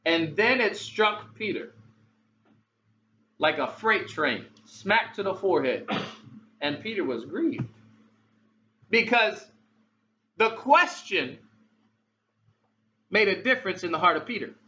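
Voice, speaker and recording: A man's voice: high voice, big pitch swings, takes it slowly, pauses often, bright, forceful tone, lo-fi sound. A man preaching a sermon in a conversational way, asking many rhetorical questions of his congregation.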